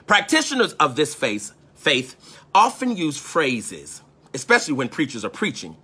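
A man preaching with a lively, swooping delivery, his bright voice slightly husky at the edges. He works the crowd in call-and-response, climbing into shouts and half-sung lines before dropping low again. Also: moderate pace. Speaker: preacher and teacher. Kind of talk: spiritual lecture in a sermon cadence.

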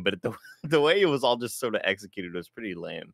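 A man's voice: lowish voice, very animated, fairly quick, creaky, fairly bright tone, no room sound, clean studio sound. A man co-hosting a casual podcast, blunt and dismissive, often trailing off mid-sentence. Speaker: podcast co-host. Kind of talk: casual chat.

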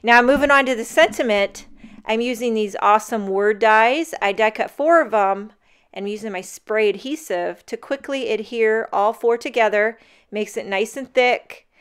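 A woman's voice: a little high, smooth. A woman narrating a casual craft tutorial in voice-over, chatty and talking straight to the viewers. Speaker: card-making crafter.

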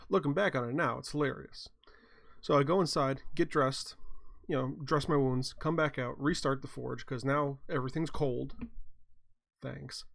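Gravelly tired man telling stories. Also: mid-range voice, fairly even intonation, moderate pace, a bit bright. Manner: rambling, wry, chuckles at his own mishaps. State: tired, yawning. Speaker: blacksmith hosting a chat show. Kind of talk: casual storytelling.

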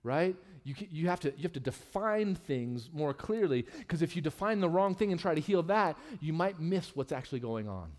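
Male pastor, sermon, fairly high voice, candid, humorous, church sanctuary. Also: moderate pace, few pauses. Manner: candid and humorous, with lively swings in pitch and loudness.

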